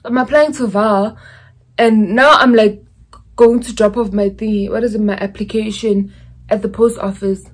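A woman's voice: mid-range voice, steady tone, normal speed. A young woman from South Africa with a South African accent, chatting casually in a vlog and slipping in Zulu phrases as she rambles through stories. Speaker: YouTuber.

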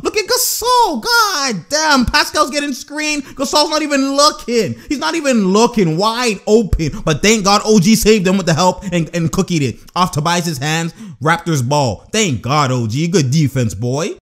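This is a young man with a high-pitched voice doing casual reaction commentary over basketball footage. He is excitable and slangy, and he often breaks into laughter as he picks apart the plays.

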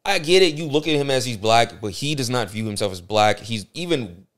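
Podcast host guy, middle pitch, blunt and sweary, keeps restarting words. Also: animated, fairly quick. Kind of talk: casual podcast commentary.

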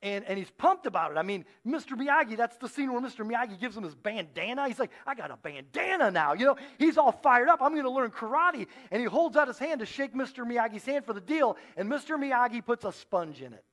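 A man in his forties preaching a sermon as a pastor, telling a story with playful, animated acted-out quotes. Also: extremely high pitch, brisk, hardly any pauses. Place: church stage.

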